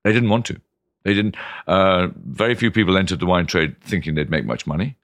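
Animated, low-voiced man. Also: fairly quick, no echo. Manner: animated, enthusiastic, acts out voices, jumps high in pitch. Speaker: wine expert and former TV presenter. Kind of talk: interview storytelling.

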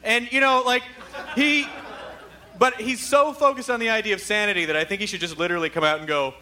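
A man's voice: high voice, steady tone, fairly quick, bright, forceful tone. A man hosting a live podcast, joking with the audience in a hyper, jittery, swearing way. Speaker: podcast host. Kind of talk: live stand-up style banter. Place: live theater stage. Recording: live room with crowd noise.

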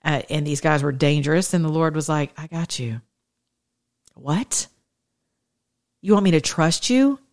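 A woman's voice: sits low, animated, moderate pace, a little mellow. Impassioned woman preaching casually. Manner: impassioned, conversational, shifting pace. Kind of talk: informal sermon.

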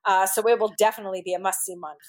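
A woman co-hosting an interview podcast, cheerful and quick to laugh. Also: mid-range voice, fairly even intonation. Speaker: podcast co-host. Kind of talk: casual interview chat.

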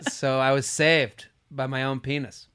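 A young man hosting a podcast, telling comic stories in casual chat and dropping low and quiet for asides. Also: a little slow, smooth. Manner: animated storytelling, drops low and quiet for asides. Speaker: podcast host.

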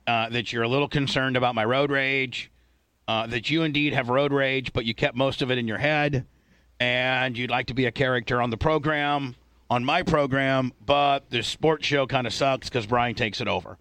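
A man's voice: mid-range voice, fairly even intonation, normal speed, a bit bright, dry recording. A man hosting a casual podcast chat, brash and profane, rambling and cursing freely. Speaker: show host.

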